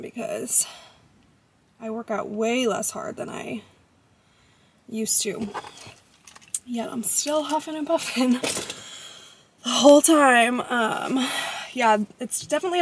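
A young woman talks casually to a phone camera while driving, with a slightly raised pitch. She is chatty, fills her speech with "like" and laughs at herself. Clear road noise from the moving car sits under her voice. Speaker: vlogger. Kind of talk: casual vlog chat.

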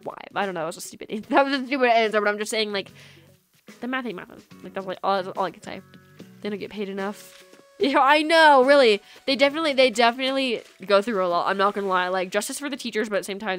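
A young woman rambles through casual stream chat in a medium voice, giggling often and filling gaps with "like" as she plays. She talks into a USB microphone at home, with soft lofi music underneath. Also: mid-range voice. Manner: chatty and giggly, lots of "like" fillers. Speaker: game streamer.

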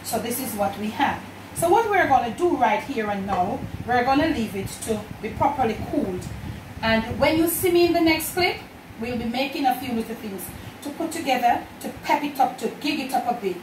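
A woman's voice: fairly high pitch, lively intonation, normal speed, noisy background. A woman with a Jamaican accent, a home cook demonstrating a recipe and talking chattily to her viewers as family. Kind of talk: cooking demonstration. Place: home kitchen. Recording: echoey kitchen, distant mic. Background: clatter of dishes and pans.

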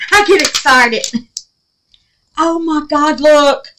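A woman talking viewers through a resin craft, chatty and quick to exclaim, calling them babies and y'all. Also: sits high, lively intonation, bright, forceful tone, slight background noise, low-quality recording. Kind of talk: casual crafting tutorial talk.

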